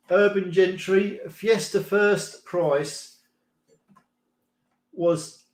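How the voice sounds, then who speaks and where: A middle-aged man chats loosely on his live stream, laughing often and swearing mildly as he reads out comments. His voice sits a little higher than most men's. The room around him gives a clear echo. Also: a little mellow. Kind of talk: casual chat reading viewer comments.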